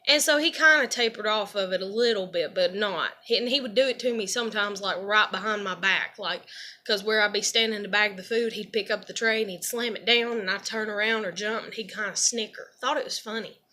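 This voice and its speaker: A woman's voice: mid-range voice, fairly quick, sharp tone. A woman venting in a rambling personal monologue, swearing heavily and leaning on fillers as she talks. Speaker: vlogger.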